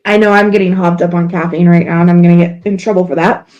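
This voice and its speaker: A woman co-hosting a livestream, talkative and quick to laugh, often correcting herself mid-sentence. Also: on the low side, little pitch movement, darkish tone, lo-fi sound. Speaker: livestream co-host. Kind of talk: casual livestream chat.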